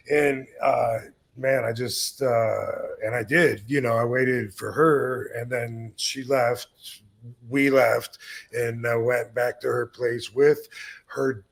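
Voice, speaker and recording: A man's voice: mid-range voice, fairly even intonation, slow pace, vocal fry. A man in his fifties hosting a podcast, telling a story in a laid-back, rambling way and swearing freely. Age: 50s. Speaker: podcast host. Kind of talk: casual storytelling.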